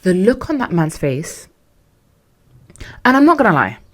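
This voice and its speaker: A young woman hosting a podcast, telling a story in a sassy, animated way and acting out what others said. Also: lowish voice, a little slow. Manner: animated, sassy, acts out quotes in other voices. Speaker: podcast host. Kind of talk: casual storytelling monologue.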